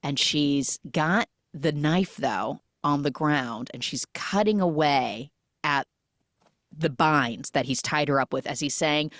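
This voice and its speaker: A woman hosting a movie recap podcast who retells the plot in an animated way and acts out the characters' lines. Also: low-pitched, takes it slowly, dry recording, clean studio sound. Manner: animated storytelling, quoting characters. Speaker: podcast host.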